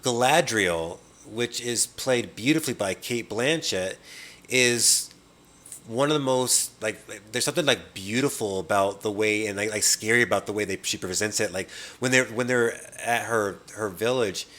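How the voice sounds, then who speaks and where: A man hosting a podcast in a casual movie discussion, rambling and acting out movie lines in quick put-on voices. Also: on the low side, a bit bright. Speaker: podcast host.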